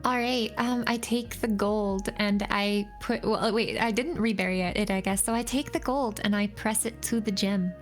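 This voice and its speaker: A woman's voice: mid-range voice, steady tone, moderate pace, few pauses, faint music behind. A woman playing in an improvised tabletop game, talking hesitantly with giggles. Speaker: player.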